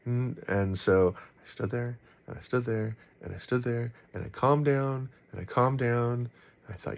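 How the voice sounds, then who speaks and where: A man giving casual Bible commentary in a relaxed, rambling way, full of ums and likes, with a warm, encouraging tone. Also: medium pitch, normal speed, vocal fry.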